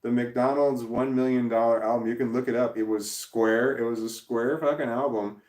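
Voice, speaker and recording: A man's voice: medium pitch, steady tone, normal speed, a little mellow. Middle-aged guy rambling on his livestream, swears a lot, keeps restarting his sentences, sounds echoey. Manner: rambling, profane, self-interrupting. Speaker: livestream host. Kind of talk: casual livestream chat reading comments. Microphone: camera in front. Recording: roomy echo.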